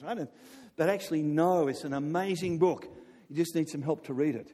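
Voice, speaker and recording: A man preaching a sermon in an animated way, often asking his listeners "right?". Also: a little high, a little fast. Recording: long reverb of a large hall.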